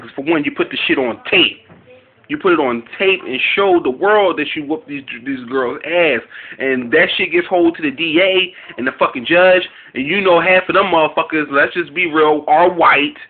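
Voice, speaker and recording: A man with a fairly high voice delivers a loose, profanity-heavy rant, circling back and repeating himself as he talks. The audio is thin and tinny, like it was caught on a phone line. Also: husky. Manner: profane, rambling, animated street talk. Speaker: video commentator. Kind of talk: casual reaction rant.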